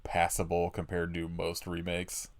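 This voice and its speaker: A man's voice: sits low, completely flat delivery, measured pace, no echo, clean studio sound. A man co-hosting a podcast who chats casually and drops teasing remarks. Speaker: podcast co-host. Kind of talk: casual chat.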